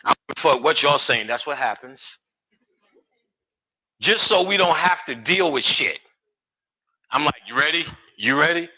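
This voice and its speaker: A man's voice: on the high side, lively intonation, unhurried, long pauses, bright, forceful tone, slightly rough, dull audio. A man giving a live lecture, profane and streetwise, full of joking asides.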